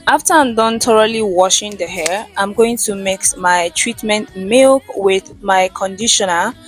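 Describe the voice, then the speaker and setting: A woman's voice: mid-range voice, a little slow. A woman talks through a hair tutorial in a casual voice-over, explaining each step in a chatty, direct way. Faint music plays underneath. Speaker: vlogger.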